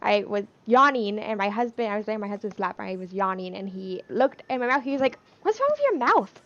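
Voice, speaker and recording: A young woman on a livestream cast rambles casually, laughing between points, with a speech impediment on her O sounds. Her mid-range voice is fast and a bit bright, and the audio is lo-fi.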